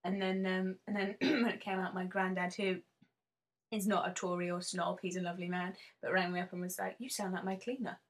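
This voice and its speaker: A woman's voice: fairly low pitch, little pitch movement, a little fast. A young woman, an actress, chatting casually in an interview, rambling and self-mocking with many fillers and restarts. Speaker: actress guest.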